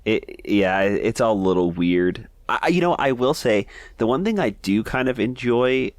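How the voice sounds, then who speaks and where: Low-voiced laid-back man, dry sound. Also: expressive, moderate pace, dry recording. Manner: easygoing, hesitant, laughs often. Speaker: podcast co-host. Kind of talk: casual comic review chat.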